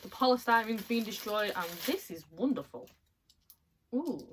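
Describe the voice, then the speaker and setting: A woman chatting casually as she unboxes items at home, excitable and quick to laugh. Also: fairly high pitch, background noise. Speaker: vlogger. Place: at home, in a bedroom.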